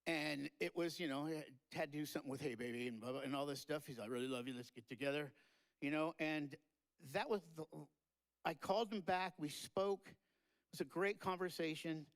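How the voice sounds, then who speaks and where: A man's voice: on the high side, normal speed, low-quality recording. Man rambling through a heartfelt eulogy. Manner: rambling, tearful and joking, with many fillers. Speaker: eulogy speaker. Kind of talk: memorial tribute speech. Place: live-streamed memorial event.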